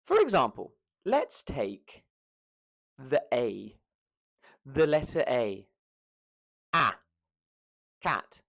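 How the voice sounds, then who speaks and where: A man with a Southern English accent teaching pronunciation to camera, stretching out vowel sounds to show them. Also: medium pitch. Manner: lively, drawn-out demonstration of vowel sounds. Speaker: accent coach.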